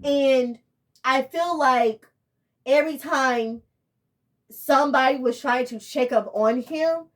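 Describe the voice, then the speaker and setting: Young woman, emotional rambling vlogger, slightly high voice. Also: takes it slowly. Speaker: TV show reviewer. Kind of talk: casual vlog review.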